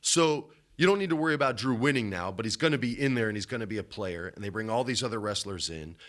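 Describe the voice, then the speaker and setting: Animated man telling a wrestling story. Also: quick pace. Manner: animated storytelling, swings from loud to low. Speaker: podcast co-host. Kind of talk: casual chat.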